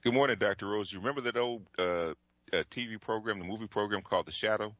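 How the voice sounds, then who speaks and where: A man co-hosting a radio talk show, chatting in a relaxed, halting way with many pauses. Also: on the low side, dry recording. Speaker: radio co-host. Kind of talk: casual on-air chat. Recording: dull dry lo-fi audio.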